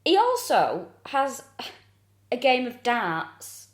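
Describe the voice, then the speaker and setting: A woman's voice: a little high, huge pitch swings, takes it slowly, echoey room. A woman co-hosting a comedy podcast, recounting events with dry, sarcastic asides. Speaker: podcast co-host. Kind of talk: casual comedic chat.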